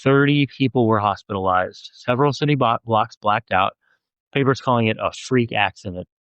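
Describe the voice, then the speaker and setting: A man narrating a fantasy audiobook in a steady, plain reading voice. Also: medium pitch, normal speed, smooth, no echo, muffled recording.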